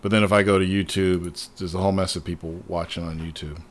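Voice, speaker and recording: A man hosting a casual livestream, talking excitedly and swearing often as he rambles to his viewers. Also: sits low, quick pace. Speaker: livestream host.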